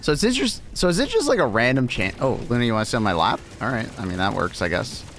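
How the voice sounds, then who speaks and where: A man's voice: mid-range voice, very animated, fast talker, fairly bright tone, slight background noise. A man chatting casually on a game live stream, talking to his cat and swearing now and then.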